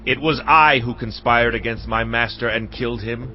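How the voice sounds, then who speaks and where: A man's voice: medium pitch, normal speed, close to an everyday voice. An actor playing a ruthless, zealous king who issues harsh orders, in a dramatized scripture reading. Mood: commanding. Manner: forceful, issuing orders. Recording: dull lo-fi with music beneath.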